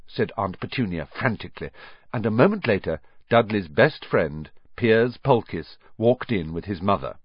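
Husky guy reading an audiobook, lively, lowish voice, kinda dull lo-fi. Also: dry recording. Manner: expressive, lively storytelling. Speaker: narrator. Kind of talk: audiobook narration.

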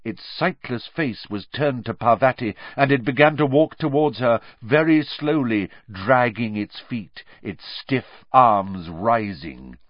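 A man reading a story aloud with animated, dramatic narration. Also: mid-range voice, takes it slowly, hardly any pauses, no room sound, lo-fi sound. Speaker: audiobook narrator.

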